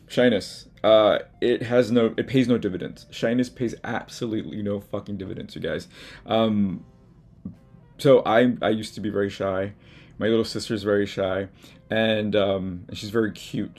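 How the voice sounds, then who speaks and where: Gravelly, husky man chatting frankly. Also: fairly low pitch, a little mellow. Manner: chatty, frank, self-mocking, with swearing and asides. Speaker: artist and video host. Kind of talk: casual motivational talk to camera. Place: home art studio.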